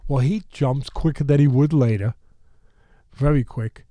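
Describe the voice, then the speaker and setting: A man in his sixties from New York tells a long story in a warm, low voice, drifting into asides. The recording is dry and close, a podcast studio mic with no room sound. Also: measured pace, dry recording. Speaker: boxing trainer, podcast guest. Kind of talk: animated storytelling.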